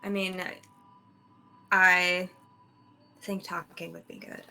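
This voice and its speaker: A woman playing in a tabletop game, speaking in character in a measured, gentle way with hesitant restarts. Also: on the low side, little pitch movement, clean tone, faint music behind. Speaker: player. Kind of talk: tabletop role-play in character.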